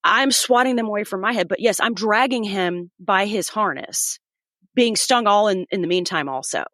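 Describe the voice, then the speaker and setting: A woman's voice: mid-range voice, moderate pace, fairly bright tone, dry recording, clean studio sound. A woman in her thirties, a podcast guest, vividly telling a personal story and acting out the voices of the people in it.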